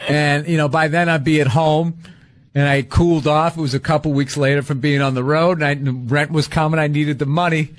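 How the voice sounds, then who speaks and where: A middle-aged comedian telling animated stories in casual conversation and acting out quotes. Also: male voice, fairly high pitch, moderate pace. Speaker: comedian and podcast host.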